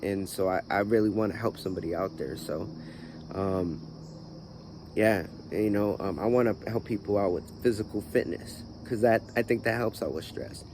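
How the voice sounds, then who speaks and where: A man's voice: on the low side, a little mellow, slight background noise. A man hosting his own channel, talking through his life story in a rambling way with many fillers and a groggy morning voice. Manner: rambling, full of "you know" fillers. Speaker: channel host. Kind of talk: personal vlog talk.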